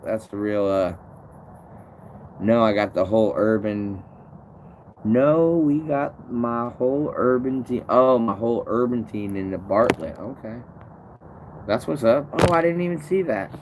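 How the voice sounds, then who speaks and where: Male streamer, casual and profane, stumbles through restarts; low-pitched, faint vehicle hum in background. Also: normal speed. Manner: rambling, swears a lot, restarts sentences. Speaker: tree climber streaming to viewers. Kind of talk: casual live-stream chat reading comments.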